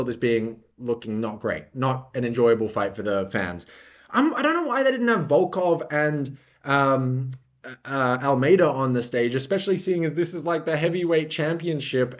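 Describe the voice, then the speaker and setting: A man's voice: medium pitch, lo-fi sound. A man giving casual, rambling reaction commentary on fights as a vlogger. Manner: rambling, excitable.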